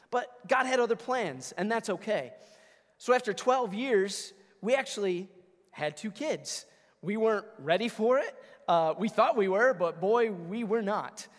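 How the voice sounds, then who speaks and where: A man in his thirties, a pastor preaching a conversational, energetic sermon and calling out to his congregation. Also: high voice, normal speed, long reverb tail. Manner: energetic, conversational preaching with audience call-outs. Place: church sanctuary.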